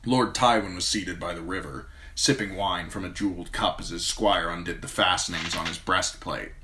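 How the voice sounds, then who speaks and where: A man narrating a fantasy audiobook as an amateur reader, in a steady storytelling manner. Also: low voice, normal speed, noisy background.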